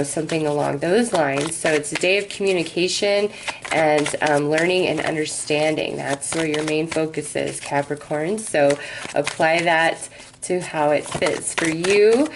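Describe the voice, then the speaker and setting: A woman's voice: sits low, unhurried, noisy background. A middle-aged woman giving a daily tarot reading, chatty and reassuring, with many fillers and asides. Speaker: tarot reader.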